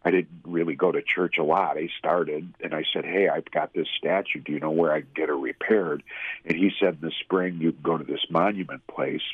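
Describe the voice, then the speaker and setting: Deep husky man on a tinny line. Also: steady tone, fairly quick, no echo. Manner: emotional, earnest storytelling. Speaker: guest. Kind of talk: personal story in conversation. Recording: tinny phone-like sound.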